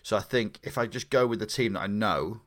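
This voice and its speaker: Man, low voice, podcast co-host, casual chat, rambling, teasing. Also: brisk, fairly bright tone. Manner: rambling, teasing, many restarts.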